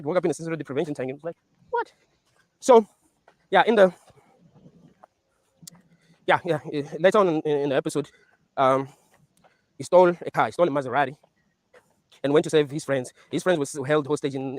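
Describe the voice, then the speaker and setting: A man's voice: fairly high pitch, dry recording. A man talking casually and animatedly, swearing often and laughing as he recaps a series and muses on dreams. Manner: animated, profane, laughs while recapping scenes. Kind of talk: casual rant.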